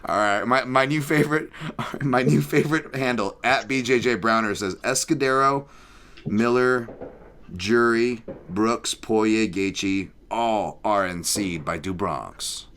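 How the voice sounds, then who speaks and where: A man hosting a podcast, chatting casually about martial arts and reading listener picks, animated and quick to laugh. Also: fairly low pitch, a little hiss or hum. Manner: animated, laughs often, joking. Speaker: podcast host.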